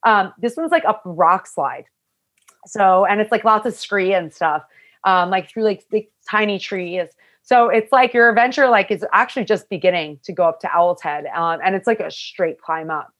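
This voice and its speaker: A young woman tells a story in a loose, chatty way. Her words run on with plenty of "like" fillers, and she acts out what people said. Her voice sits at an ordinary middle pitch for a woman. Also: normal speed. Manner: chatty, full of "like" fillers, animated retelling. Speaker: hiker telling her story. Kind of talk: casual storytelling chat.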